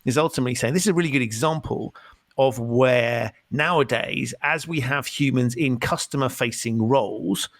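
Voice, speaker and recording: A man's voice: mid-range voice, normal speed, a bit bright, dry recording. A man hosting a podcast, reflecting on his guest's points in conversational commentary. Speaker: podcast host. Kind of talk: conversational interview.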